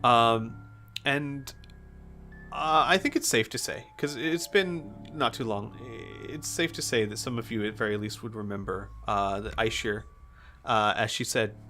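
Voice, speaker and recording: Male game master, slow deliberate narration, soft music under it. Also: mid-range voice. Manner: unhurried, with fillers.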